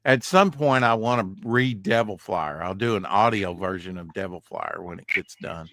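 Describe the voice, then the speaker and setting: A man's voice: on the low side, moderate pace, a bit bright, no echo. A man hosting a casual livestream, rambling and joking while reading chat aloud, short on sleep. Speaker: livestream host.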